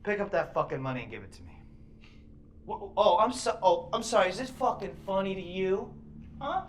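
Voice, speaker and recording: An actor playing a volatile, profane male home invader in film dialogue, swinging between low muttering and shouted threats. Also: lively intonation, brisk, slight background noise. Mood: menacing.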